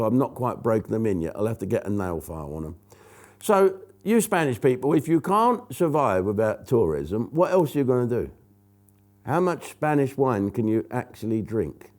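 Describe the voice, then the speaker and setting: A profane comedian rants to camera in a mellow, warm voice. His pitch leaps up and down as he grumbles about the news. The delivery is blunt and unfiltered. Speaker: comedian host of an online show. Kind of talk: profane comic rant to camera.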